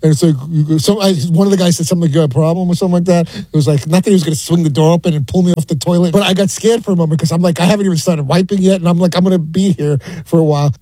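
A man with a New York accent telling a rambling story with lots of halting restarts. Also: sits high, fairly even intonation, warm tone, no room sound, poor audio. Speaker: radio show regular. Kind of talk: rambling anecdote.

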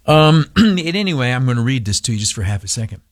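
A man's voice: mid-range voice, very animated, fast talker, dry recording, studio quality. A male talk radio host giving blunt, opinionated commentary, rambling with many ums and uhs. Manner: rambling, heavy fillers, blunt.

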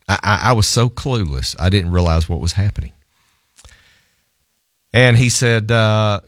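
A middle-aged man, a divorce lawyer, telling an animated anecdote in conversation, often laughing and repeating words. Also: lowish voice, no room sound, clean studio sound. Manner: lively storyteller, laughs often, repeats himself.

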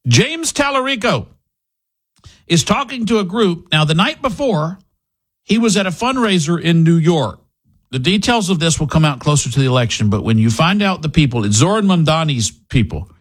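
A man's voice: on the high side, very animated, normal speed, husky. A man hosting a political commentary show, talking in a sarcastic, opinionated way with frequent fillers. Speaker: host.

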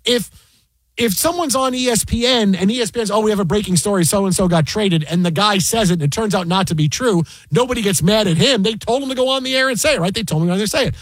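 A man who works as a sports broadcaster, casually recounting a work story in an animated, exasperated way. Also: high voice, fast talker, breathy edge, dry recording. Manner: animated, exasperated retelling with repeated asides. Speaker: fantasy football broadcaster.

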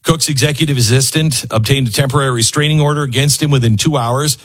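A man's voice: mid-range voice, fast, breathy edge. A man giving opinionated news commentary, sarcastic, often acting out the people he quotes.

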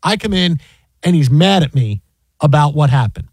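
A man who works as a sports broadcaster, telling an animated anecdote with many restarts and an incredulous tone. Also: on the high side, normal speed, breathy edge, no room sound.

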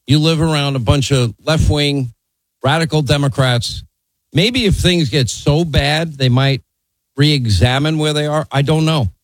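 Blunt talk radio host, dry studio. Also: male voice, a little high, a little slow, no room sound, poor audio. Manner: blunt, conversational, teasing.

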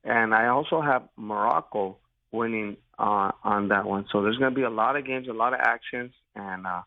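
A man's voice: fairly low pitch, vocal fry, dry recording. Brief: male caller, sounding under the weather, eager, heard over a tinny phone line. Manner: eager, quick with his picks. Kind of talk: call-in radio chat.

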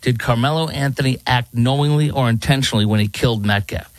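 A man's voice: mid-range voice, fast, dry recording, low-quality recording. A man hosting a morning talk radio show, giving emphatic, indignant commentary. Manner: emphatic, indignant, repeats for effect.

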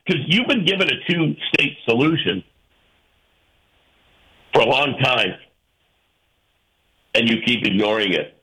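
A man's voice: mid-range voice, expressive, a little slow, pauses often, pushed and bright, low-quality recording. A man hosting a call-in radio show, arguing his point emphatically and firing rhetorical questions at listeners over a studio microphone. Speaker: talk radio host. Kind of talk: call-in radio opinion talk.

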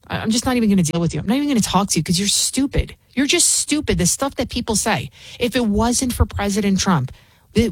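A woman's voice: a little high, no echo. A woman filling in as a talk radio host, delivering a combative, mocking monologue.

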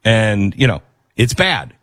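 Emphatic male commentary host, lively pitch. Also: slow, dry recording, clean studio sound. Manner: emphatic, repeats key phrases. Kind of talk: opinion commentary on a video.

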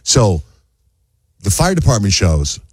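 A man's voice: slow, breathy edge, dry recording, studio quality. A man in a casual chat, telling a story animatedly and acting out other people's lines in a raised voice. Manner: animated storyteller, acts out quotes in a high voice.

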